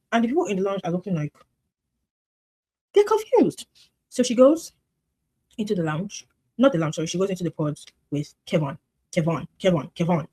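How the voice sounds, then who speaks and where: A woman comments casually on a reality dating show. She talks in an animated, gossipy way at a mid pitch and circles back to repeat her points.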